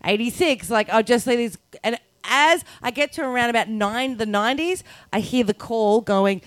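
Animated woman telling a story. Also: a little high, moderate pace, dry recording. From Australia. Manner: animated, swearing, laughing, acting out voices. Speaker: guest comedian. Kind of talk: casual storytelling chat.

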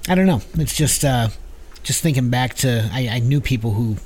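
A man's voice: mid-range voice, moderate pace, darkish tone, husky. A middle-aged man co-hosting a casual music chat, jumping in eagerly and restarting his sentences. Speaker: podcast co-host.

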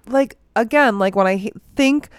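A woman's voice: fairly high pitch, normal speed, clear, resonant tone, no room sound, clean studio sound. A woman co-hosting a casual true-crime podcast at home, telling the story animatedly, swearing freely and laughing often. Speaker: podcast co-host.

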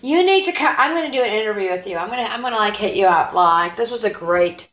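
A woman's voice: medium pitch, lively intonation, fast talker, fairly bright tone, reverberant, low-quality recording. An American woman guesting on a podcast, chatting casually, laughing often and restarting her sentences. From United States. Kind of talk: casual chat.

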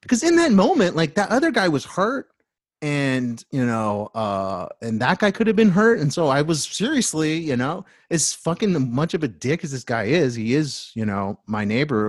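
A man telling a story in a casual, animated way, swearing freely and tripping over his own restarts. His pitch sits in the middle for a man. The sound is close and dry, with no room echo. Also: normal speed. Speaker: storyteller in a talk.

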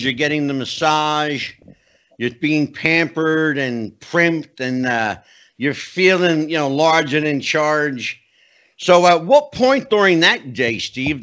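Bright-toned male host, lo-fi sound. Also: on the high side. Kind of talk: casual interview chat. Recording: dull lo-fi sound.

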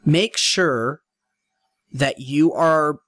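A young man hosting a podcast, giving casual, repetitive advice in a relaxed solo monologue. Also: a little high, drawn-out words. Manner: informal, advice-giving, repeats points. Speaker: podcast host.

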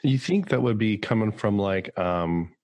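A man's voice: fairly low pitch, lively intonation, unhurried, darkish tone, dry recording. A man hosting a podcast, chatting casually and jokingly, with a lot of fillers. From California. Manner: rambling, joking, many fillers. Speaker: podcast host.

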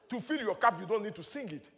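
High-voiced preacher in a reverberant hall. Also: male voice. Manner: preaching with rising shouted praise and chuckles. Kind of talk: sermon.

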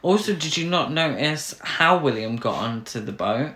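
Swearing, giggly podcast host, mid-pitch voice, echoey room. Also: normal speed. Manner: animated, swears, laughs often. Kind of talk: casual film review chat. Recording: roomy echo.

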